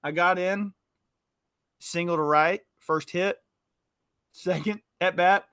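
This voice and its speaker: A young man co-hosting a podcast, telling lively stories and mimicking his old coaches. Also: high voice, slow, clean tone. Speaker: podcast co-host. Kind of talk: casual chat.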